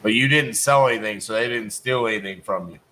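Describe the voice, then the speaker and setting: A man from Texas on a sales call, calmly pressing the caller with logical questions. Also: lowish voice, quick pace, a little hiss or hum, rough recording. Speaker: real estate wholesaler, host.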